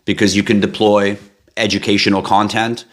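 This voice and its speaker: A man hosting a live stream, giving a hype-driven sales pitch with asides and tangents. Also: little pitch movement, normal speed. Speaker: live stream host pitching a blockchain project.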